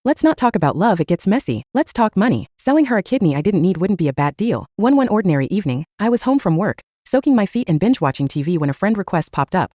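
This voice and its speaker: Brief: young woman, first-person story narrator, blunt and wry, quick lively read. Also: medium pitch, no echo.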